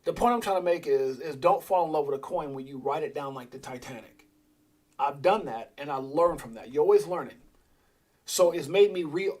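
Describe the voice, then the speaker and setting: A man hosting a crypto livestream, talking casually and rambling with animated asides. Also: fairly high pitch. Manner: rambling, animated, quick asides and mock voices.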